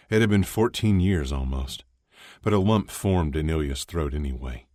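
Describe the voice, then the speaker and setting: A man narrating a story aloud in a steady, even storytelling delivery. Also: sits low, moderate pace, no echo, clean studio sound. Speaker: audiobook narrator. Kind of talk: scripted narration.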